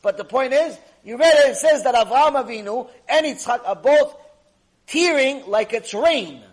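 A man, a rabbi, teaching a Torah lecture, retelling the story dramatically with sudden loud and soft swings and Hebrew religious terms. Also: very high voice, expressive, normal speed.

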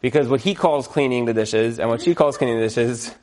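A man teaching about marriage in a casual, animated way, acting out little scenes and chuckling as he goes. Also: medium pitch, brisk. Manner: animated, acts out quotes, chuckles often. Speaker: marriage educator.

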